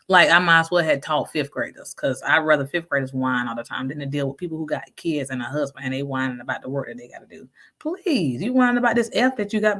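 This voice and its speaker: A woman talks through viewer comments in a loose, casual chat. Her voice sits low, and her manner is frank and sassy, full of slang and quick laughs. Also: pushed and bright. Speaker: vlogger reading viewer comments.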